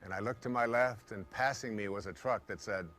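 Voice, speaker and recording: A man's voice: lowish voice, a little fast. A man giving a motivational talk, telling stories and acting out the thoughts of the people in them. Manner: storytelling, acting out quoted thoughts in lively voices. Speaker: motivational speaker.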